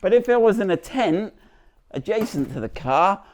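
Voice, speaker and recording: A man's voice: sits high, sing-song, normal speed, darkish tone, a little hiss or hum. A man presenting a car vlog outdoors beside the vehicle, chatty and jokey, rambling with restarts as he demonstrates.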